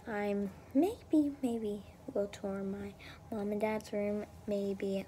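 A teenage girl vlogging in a rambling, excitable and anxious way, often dropping to a whisper. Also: mid-range voice, extremely slow, noisy background. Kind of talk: casual vlog chat.

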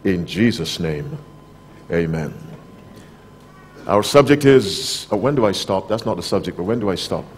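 A male pastor delivering a sermon to a conference audience in a hall. He speaks directly and firmly, stopping to put questions to the crowd. He moves from loud, emphatic phrases to quiet, low asides. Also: expressive, brisk, hardly any pauses, a little hiss or hum.

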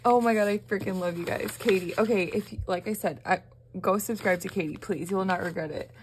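A woman's voice: mid-range voice, a little fast, a little hiss or hum. Gushing young woman vlogger. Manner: gushing, excitable, frequent gasps. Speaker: budgeting vlogger. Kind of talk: casual vlog chat to viewers.

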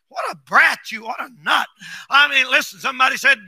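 A man preaching a folksy sermon as pastor, switching between shouted bursts and quiet asides. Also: extremely high pitch, brisk, no echo.

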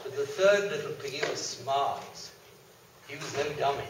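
A man's voice: medium pitch, animated, moderate pace, background noise. A man reading a children's story aloud on stage, playful and full of joking asides. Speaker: storyteller at a variety show. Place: stage in a hall. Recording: echoey hall from far off.

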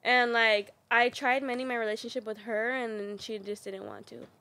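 A woman's voice: fairly high pitch, animated, normal speed, pushed and bright. A young woman guest on a podcast, candidly telling personal stories in casual chat and filling her talk with "like". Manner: candid storytelling, heavy filler "like".

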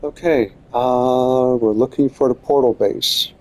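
A man's voice: mid-range voice, fairly even intonation, slow pace, a little mellow. A man talking casually over his own gameplay in a dry, wry way, muttering to himself. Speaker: gameplay video creator.

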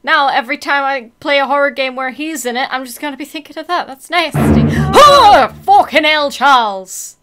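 A woman playing a horror game and commenting out loud, reading the text, swearing and reacting to scares. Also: high-pitched, steady tone, quick pace, few pauses, soft background music. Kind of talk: let's-play commentary.

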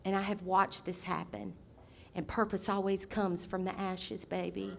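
A middle-aged woman preaching a sermon as senior pastor, impassioned, with sudden loud outbursts. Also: medium pitch, flat delivery, unhurried, creaky, slight background noise.

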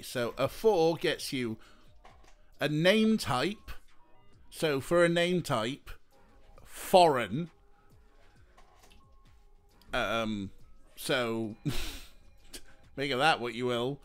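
Man doing laid-back game commentary, slow and chatty, lively pitch, faint game music underneath. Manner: chatty, laughs often, talks to chat. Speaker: streamer. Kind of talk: casual let's-play commentary.

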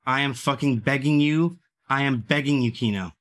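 Male streamer, tense forceful tone, profane running commentary on his own gambling. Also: medium pitch, moderate pace. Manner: profane, swings between begging and cursing. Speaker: livestreamer.

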